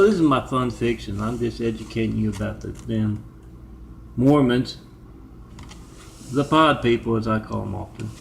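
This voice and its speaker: Gravelly guy rambling on his own channel, spelling out numbers and web addresses, faint hiss behind. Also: medium pitch. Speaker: video maker. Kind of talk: rambling monologue.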